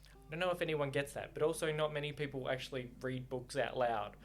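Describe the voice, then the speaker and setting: A man's voice: medium pitch, fairly quick. A young man reading a novel aloud and reacting to it, effusive and rambling, with plenty of swearing. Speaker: book reaction vlogger.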